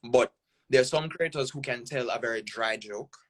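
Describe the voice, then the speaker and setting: A man's voice: mid-range voice, normal speed. Jamaican man telling stories with emphasis. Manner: animated, emphatic storytelling with frequent "right?" tags. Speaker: guest content creator. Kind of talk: casual interview talk.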